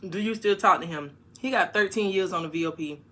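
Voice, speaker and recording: A woman on a casual livestream, reading viewer comments aloud and answering them frankly, with sudden loud bursts. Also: on the low side, a little fast. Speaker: YouTuber answering live chat. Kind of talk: casual live-stream chat.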